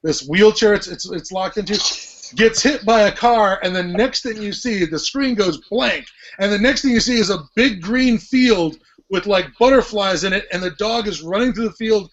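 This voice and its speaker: A man's voice: sits high, normal speed, a little hiss or hum. A man hosting a casual podcast chat, telling stories animatedly and swearing freely. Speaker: podcast host. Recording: lo-fi podcast audio.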